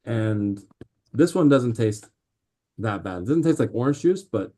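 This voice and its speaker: A man talking as a guest on a podcast, telling animated stories with lots of fillers and restarts. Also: medium pitch, a little slow. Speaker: podcast guest, drink company founder. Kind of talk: casual interview chat.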